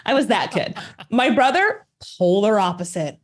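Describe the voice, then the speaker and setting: A woman in her forties from Minnesota, telling her story as a podcast guest with lively rhetorical questions. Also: mid-range voice, unhurried, crowd noise. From Minnesota, USA. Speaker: podcast guest, agency founder. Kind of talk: casual interview storytelling.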